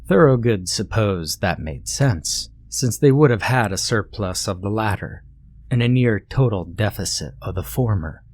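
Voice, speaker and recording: A man narrating a horror story in scripted, measured delivery. His voice sits low, and he keeps a steady storytelling pace.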